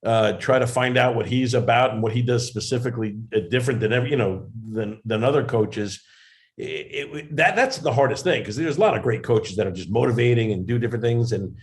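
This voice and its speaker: A comedian and actor appears as a guest over a video call, telling rambling, self-deprecating stories in a casual interview. His voice is medium-pitched and brisk.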